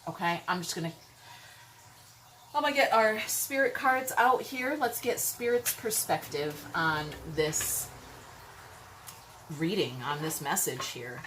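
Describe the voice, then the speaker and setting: A woman giving a casual tarot reading, chatty and rambling, swearing freely, with sudden loud exclamations and frequent "okay?" check-ins. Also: lowish voice, animated, measured pace, long pauses, slight background noise, poor audio. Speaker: tarot reader.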